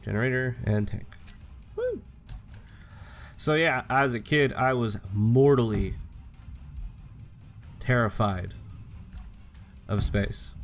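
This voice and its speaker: Chatty young man rambling over gameplay. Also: medium pitch. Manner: rambling, chatty, swears casually. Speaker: gaming channel host. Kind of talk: casual gameplay commentary.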